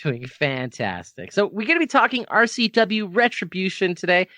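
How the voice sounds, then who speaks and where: Brief: male Canadian podcast host, animated, laughs a lot, slightly high voice, dry close-mic sound. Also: moderate pace, no echo. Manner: animated, laughs often, rambling asides. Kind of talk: casual wrestling review chat.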